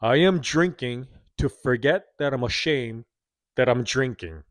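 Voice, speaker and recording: A man voicing a gloomy, ashamed male drunkard, giving slow, low, mumbled replies in a storybook retelling. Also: no room sound, studio quality, natural voice.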